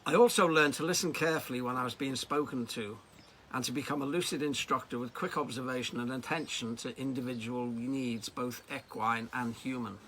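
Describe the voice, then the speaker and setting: A man from Liverpool, a riding coach, telling personal anecdotes in a lively, storytelling way. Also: medium pitch, fairly quick, a little hiss or hum. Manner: anecdotal, lively delivery with acted quotes.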